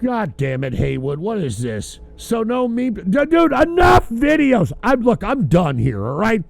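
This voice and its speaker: A tipsy man hosting a call-in livestream, ranting loudly and profanely. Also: sits high, huge pitch swings, a little slow, vocal fry, a little hiss or hum. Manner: loud, profane, rambling rant. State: drinking, tipsy. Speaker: host of a call-in livestream show.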